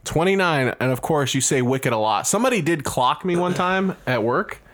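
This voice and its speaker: A man's voice: fairly high pitch, lively intonation, normal speed, a bit bright. A young man, rambling and joking as a podcast co-host. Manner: rambling, repeats "dude", jokey. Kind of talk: casual chat.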